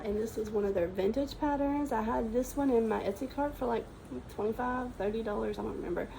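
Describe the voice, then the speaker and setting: A woman's voice: medium pitch, dark tone, a little hiss or hum, rough recording. A woman chatting casually in a sewing vlog, enthusiastic and rambling, with frequent ums and restarts. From Texas. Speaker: sewing vlogger. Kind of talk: casual show-and-tell chat.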